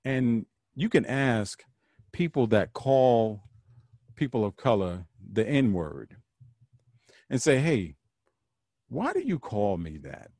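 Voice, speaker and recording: Earnest man with a lively, animated voice. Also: mid-range voice, slow pace, long pauses, no echo, studio quality. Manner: earnest, preachy, repeats phrases for emphasis. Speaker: podcast host. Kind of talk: solo podcast monologue.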